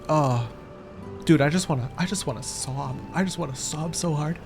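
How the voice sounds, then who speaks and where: A male streamer reacts to a video game in casual, emotional commentary and sounds close to tears. His voice sits somewhat high, and the game's soundtrack plays clearly underneath him. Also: moderate pace, a little mellow. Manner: emotional, overwhelmed, casual slang. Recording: game music playing under voice. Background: game soundtrack music.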